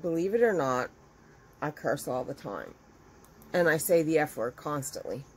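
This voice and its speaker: Chatty woman with a lowish voice. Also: moderate pace, breathy edge, poor audio. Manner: chatty and animated, acting out quotes with big jumps in pitch. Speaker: crochet business owner and video host. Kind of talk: casual storytelling to viewers.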